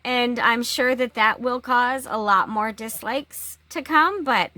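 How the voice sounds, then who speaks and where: Slow, bright-voiced woman vlogger. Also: a little high, dry recording. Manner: halting, with long pauses and restarts. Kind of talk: casual personal vlog.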